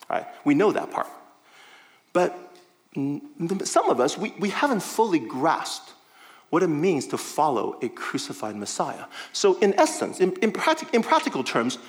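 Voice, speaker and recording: A man preaching a sermon conversationally, animated and often checking in with the listeners. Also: fairly high pitch, creaky.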